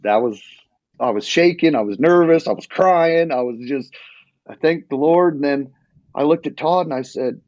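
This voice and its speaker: A man telling a hunting story in a casual, animated and rambling way, full of restarts. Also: a little high, moderate pace, no room sound. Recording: dull lo-fi sound.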